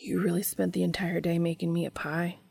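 A woman voicing a blunt, exasperated young man with a brisk, wry delivery while reading a story aloud. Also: fairly low pitch, level tone, creaky, darkish tone, husky, dry recording, clean studio sound. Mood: teasing.

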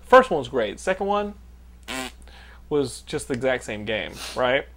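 A man in his thirties from Texas hosting a podcast, telling stories in a loose, animated way, swearing freely and laughing often. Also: medium pitch, normal speed. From Austin, Texas. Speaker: podcast host. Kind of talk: casual profane storytelling chat.

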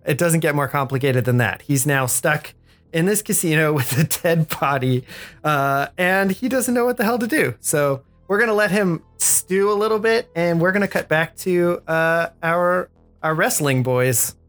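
A man's voice: fairly high pitch, expressive, normal speed, fairly bright tone, soft background music. A man acting as game master who narrates a tabletop game in a casual, chatty way.

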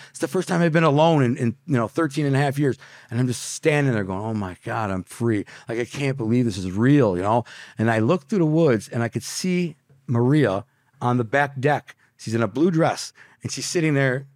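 A man recounts his life as a podcast guest. His storytelling is emotional and vivid, peppered with street slang. The recording is close and dry, with no room echo. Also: medium pitch. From Detroit, USA. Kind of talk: casual storytelling in an interview.

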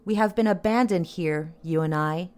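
A quiet undead ash creature, voiced by a woman narrator. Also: on the low side, moderate pace, natural voice. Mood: gentle resigned. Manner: quiet, gentle. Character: ash-skinned undead creature, calm, compassionate, weary.

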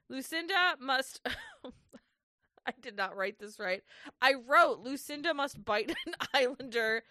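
A woman's voice: sits high, lively intonation, drawn-out words, long pauses, sharp tone, dry recording, studio quality. A woman co-hosting a casual recap podcast, ranting, swearing and laughing as she goes. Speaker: podcast co-host.

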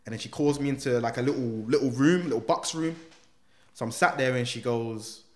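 A man's voice: mid-range voice, fairly quick. A young man telling a story in casual chat. He acts out the other people's voices and uses slang. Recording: echoey room.

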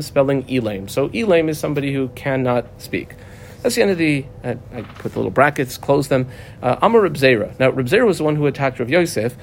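A man leads a Talmud class, reading a line and then unpacking it plainly, pausing on fillers as he goes. His voice sits at an ordinary middle pitch. A faint rumble hums underneath the recording. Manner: explains step by step, reading text then translating, with many fillers. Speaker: Talmud teacher. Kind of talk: page-by-page Talmud lesson.

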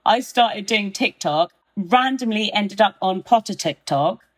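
A woman in her twenties, a guest on a podcast, chatting with eager, tumbling enthusiasm. Her voice sits at a middle pitch. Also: measured pace. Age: 20s. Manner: chatty and excitable. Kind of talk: casual podcast chat.

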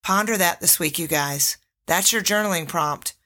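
Middle-aged female life coach, bright voice, animated and candid solo podcast delivery. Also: lowish voice, normal speed. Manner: animated, candid, laughs often.

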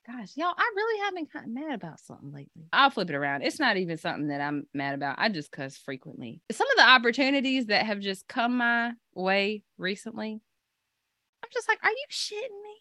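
A woman guest talking on a podcast over a video call, animated and swearing freely. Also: mid-range voice, fast, few pauses, dry recording, clean studio sound. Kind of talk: casual chat.

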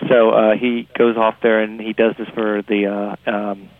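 A man's voice: lowish voice, level tone, unhurried, no echo. Man talking over a tinny phone line. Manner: rambling, chuckles often. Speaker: podcast host. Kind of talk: casual podcast chat.

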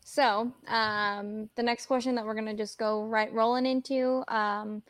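Higher-voiced rambling woman co-host. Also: flat delivery, measured pace, no room sound, clean studio sound. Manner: rambling, giggly, lots of fillers. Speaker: podcast co-host. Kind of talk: casual interview chat.

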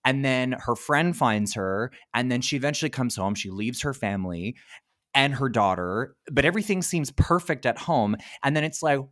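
A man co-hosting a podcast, chatting casually about an old film, animated and profane, retelling scenes with mocking impressions. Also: medium pitch, moderate pace, dry recording, studio quality. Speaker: podcast co-host.

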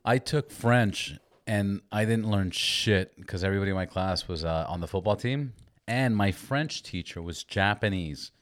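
A man's voice: lowish voice, moderate pace. A man hosting a podcast in casual chat, laid-back and swearing casually, in a small garage room. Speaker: podcast host.

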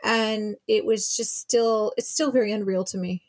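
A woman's voice: medium pitch, fairly even intonation, normal speed. A woman, a bereaved mother, telling her story as a guest, quoting the people involved and sounding shaken as she retells it. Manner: retelling events with quoted dialogue, shaken. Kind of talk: emotional personal account.

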